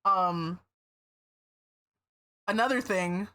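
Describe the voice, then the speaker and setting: A woman's voice: mid-range voice, very slow, sharp tone, smooth. A woman streamer in casual livestream chat, meandering with many fillers and restarts, swearing now and then.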